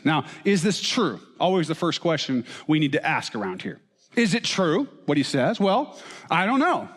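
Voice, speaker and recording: Lively man preaching in a reverberant church. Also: on the high side. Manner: reads quotes aloud with rising emphasis, asks rhetorical questions. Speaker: pastor. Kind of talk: sermon. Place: church auditorium.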